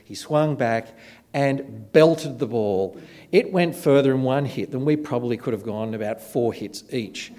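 A man giving a sermon, telling stories in an animated, self-deprecating way. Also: mid-range voice, measured pace. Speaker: preacher. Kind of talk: storytelling sermon.

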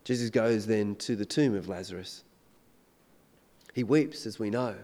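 A man preaching a sermon, swinging between loud emphatic declarations and hushed, intense questions. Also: on the low side, unhurried.

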